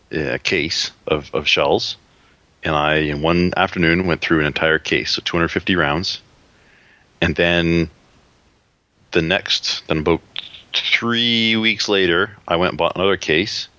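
A man co-hosting a casual podcast chat, telling a story in a relaxed way. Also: sits low, a little slow, pauses often, no room sound. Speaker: podcast co-host. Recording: dull lo-fi line.

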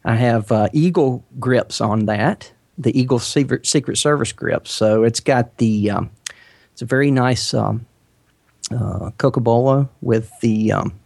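A man's voice: medium pitch, measured pace, gravelly, a little mellow, dry recording. Southern man in his forties, casual interview chat, meandering talk full of ums and uhs, dry close sound. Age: 40s. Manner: rambling, hesitant, many fillers. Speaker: podcast guest.

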